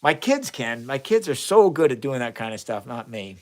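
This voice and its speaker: Here a Midwestern man with a medium-pitched, sing-song voice talks at a moderate pace. He's live streaming casual science content from his chemistry lab at home, indoors, wandering from topic to topic in a friendly manner while replying to chat. He speaks into a phone camera, which is turned around at points during the broadcast.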